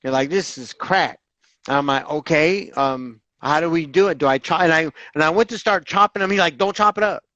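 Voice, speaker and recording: A man telling his own recovery story in an interview, animated and candid, acting out the voices of others and swearing casually. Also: a little high, a little fast, dry recording, poor audio. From Southern California.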